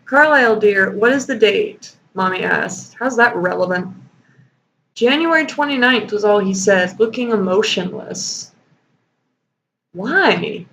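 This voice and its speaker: A woman's voice: mid-range voice, expressive, measured pace, fairly bright tone. A woman hosting a sarcastic fanfiction reading and critique. She swears freely and laughs often. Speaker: host. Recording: dull lo-fi home recording with faint noise.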